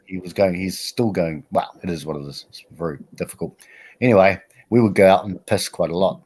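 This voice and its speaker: A man in his 40s, a regular on a livestream chat, speaks in a low, brisk, darkish and slightly rough voice. Chatting casually on a group stream, he protests and laughs while telling rambling stories.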